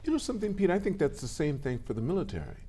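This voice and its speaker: Mellow-voiced man hosting an interview. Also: on the high side, sing-song, very fast, slightly rough. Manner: affirming, chatty, reminiscing. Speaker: podcast host. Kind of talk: casual interview chat.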